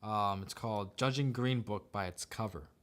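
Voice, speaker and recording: A man's voice: lowish voice, normal speed. A man hosting a podcast, giving casual opinion commentary in a sarcastic manner and laughing often. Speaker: podcast host.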